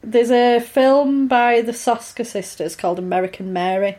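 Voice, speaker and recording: A woman's voice: a little high, normal speed, a little mellow. A woman in casual chat, wryly recapping a film with a chatty, easygoing delivery. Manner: chatty, wry, lots of fillers.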